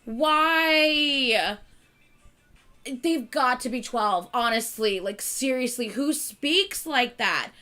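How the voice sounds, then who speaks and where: Bright, high-voiced woman ranting to viewers. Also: slow pace, few pauses, faint music behind. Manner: animated, exasperated ranting. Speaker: channel host. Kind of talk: casual chat with viewers.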